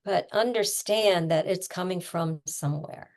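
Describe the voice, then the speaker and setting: A middle-aged woman coach with a low voice and a gravelly edge. She talks casually and explains things through homey pictures and quick little asides. Her tone stays plain and conversational. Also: a little mellow.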